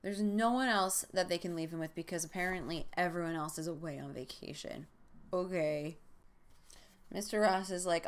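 A woman's voice: on the low side, normal speed. A young woman hosting a comedic book-recap show, retelling the story with sarcastic jokes and asides. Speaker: podcast host.

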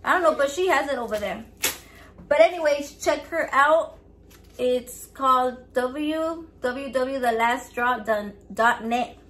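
A loud, profane bilingual woman vlogger runs a raffle in casual vlog chat, playfully switching between English and Spanish. Her voice is high and slow, and the echoey room has faint background noise.

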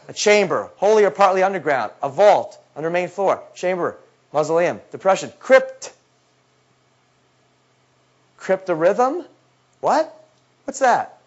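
A man giving a lecture, telling a story in an animated way and acting out his own past words, often dropping to a low, intense tone. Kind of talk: lecture talk. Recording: dull lo-fi recording.

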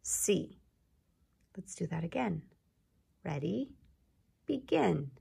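A woman's voice: mid-range voice, lively intonation, takes it slowly, gravelly, pauses often, husky. A woman teacher giving a patient phonics lesson to young children, drawing out and sounding out words.

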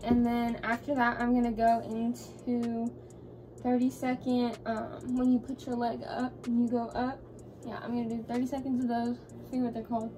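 A woman's voice: fairly high pitch, completely flat delivery, normal speed, warm tone, slight background noise. A young woman, out of breath after exercising, rambling chattily through a casual workout vlog with lots of fillers. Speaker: vlogger. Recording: background music under voice.

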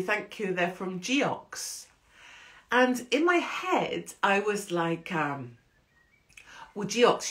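A woman hosting a casual livestream, chatty and rambling, swearing freely. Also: sits low. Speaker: host.

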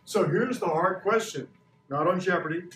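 Brief: sixties male teacher, playful quizzer, fairly high voice, echoey classroom mic from a distance. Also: moderate pace, fairly bright tone, a little hiss or hum. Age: 60s. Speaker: science teacher. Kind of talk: classroom lesson. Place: school classroom.

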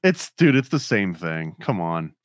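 A man's voice: low voice, very animated, a little slow, no room sound, studio quality. Laid-back laughing man on a podcast. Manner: laid-back, laughs often, lots of fillers. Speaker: podcast host. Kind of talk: casual podcast chat.

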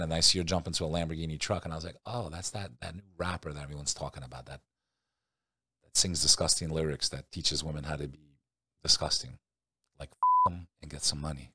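A man hosting a podcast, talking casually and animatedly, swinging between loud rants and quiet asides. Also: sits low, dry recording, studio quality. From Albanian family. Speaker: podcast host. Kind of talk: casual talk-show commentary.

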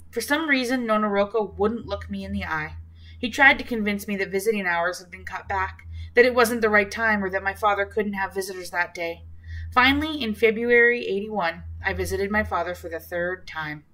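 A woman reading a first-person novel as an audiobook, in a measured, reflective manner. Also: medium pitch, bright, forceful tone, low-quality recording. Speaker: audiobook narrator.

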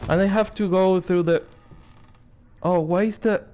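A man's voice: high-pitched, steady tone, a little slow, a little mellow. A man giving sarcastic, nervous commentary while playing a horror game, swearing and laughing when scared. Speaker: gaming streamer. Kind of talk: let's play commentary.

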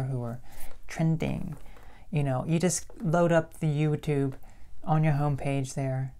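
A young woman talking calmly and reflectively to camera in a casual vlog. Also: low-pitched. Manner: calm, even-toned and reflective. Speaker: YouTuber.

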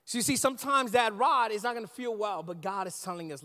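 A man in his thirties preaching a sermon as pastor, animated and conversational, often asking the congregation questions. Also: high-pitched, fast. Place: church sanctuary. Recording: long church reverb.

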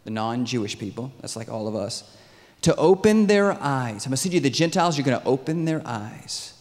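A man in his thirties preaching a sermon in a lively, conversational way, often asking his audience questions. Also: medium pitch, gravelly. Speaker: pastor. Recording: long reverb in a large hall.

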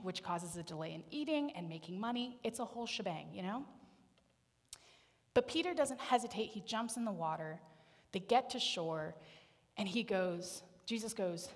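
A woman preaches in a church, telling her story with humor and playful energy and slipping into voices for the people in it. Her voice sits at a medium pitch. A long reverb trails her words through the hall. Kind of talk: sermon.

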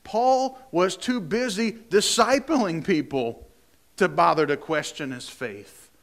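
A man's voice: high-pitched, slow, creaky. A male pastor preaching a sermon in a conversational way, often repeating words and asking rhetorical questions.

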